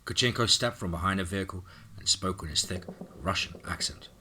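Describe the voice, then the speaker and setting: A man's voice: low-pitched, brisk, sharp tone, slight background noise. A man narrating a scripted action horror story in a dramatic reading.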